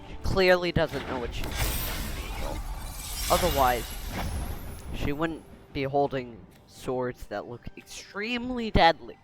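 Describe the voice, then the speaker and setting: A man giving casual, joking commentary while playing a card game, sarcastic and quick to laugh at himself. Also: medium pitch. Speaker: gaming video host.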